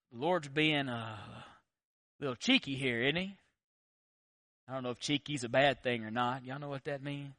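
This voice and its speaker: A man preaching a sermon as pastor, animated and conversational, full of rhetorical questions. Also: mid-range voice, moderate pace, pauses often, no room sound, studio quality.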